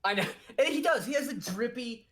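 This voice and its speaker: A man's voice: extremely high pitch, animated, a little fast, a crowd in the background. A man co-hosting a comedic book review podcast, sarcastic and profane, laughing often. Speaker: podcast co-host.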